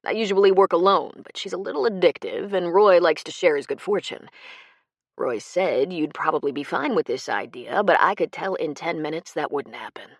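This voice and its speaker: A woman voicing an adult male con man whose smooth charm turns cold and menacing, in an audiobook. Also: on the low side, normal speed, dry recording, clean studio sound. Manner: fake charm turning cold and cruel.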